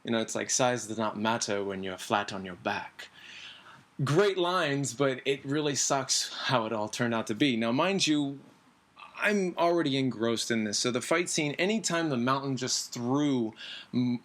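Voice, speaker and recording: A man hosting a casual podcast, rambling and excitable, acting out the scenes he retells. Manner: excitable, acts out scenes with sudden jumps in pitch; rambling, many fillers. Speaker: podcast host. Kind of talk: casual TV recap chat.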